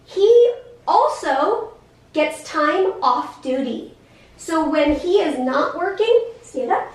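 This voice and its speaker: A woman in her thirties explaining things to a class of children, in an animated, sing-song, teacherly way with many questions. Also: high-pitched. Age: 30s. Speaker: guest speaker in a special education class. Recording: echoey classroom, voice from far off.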